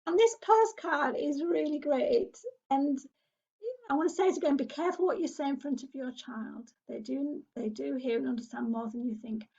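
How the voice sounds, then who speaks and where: A woman's voice: sits high, normal speed, vocal fry, mellow, muffled recording. A middle-aged woman from England who leads a parenting group, talking in an earnest, encouraging way. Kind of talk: casual spoken talk.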